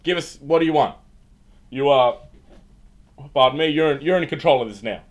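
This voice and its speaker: A man's voice: a little high, moderate pace. Rambling young Australian man streaming. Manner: rambling, joking, with frequent fillers and restarts. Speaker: livestream host. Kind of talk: casual livestream chat reading viewer comments. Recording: faint music behind. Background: faint background music.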